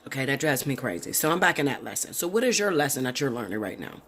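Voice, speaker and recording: A woman giving a casual tarot reading, talking bluntly and profanely with animated storytelling. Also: extremely low pitch, brisk, slightly rough. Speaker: tarot reader.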